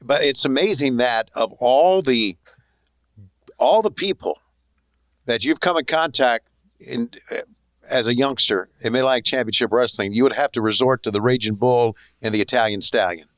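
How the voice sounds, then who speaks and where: A man's voice: medium pitch, moderate pace, fairly bright tone, no room sound. Wry male podcast host. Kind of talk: casual interview chat.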